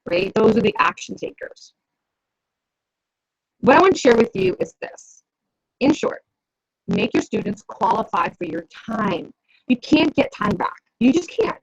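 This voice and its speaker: A woman's voice: high-pitched, very animated, a little slow, vocal fry, long pauses, breathy edge. A woman business coach giving an instructional talk to camera, conversational and keeps checking in with the listener. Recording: dull lo-fi recording.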